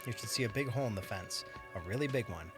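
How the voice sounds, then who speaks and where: A man's voice: fairly low pitch, fast talker, music in the background, close to an everyday voice. A man voicing a grumpy male bar manager in a detective game, speaking curtly and sarcastically. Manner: curt, sarcastic.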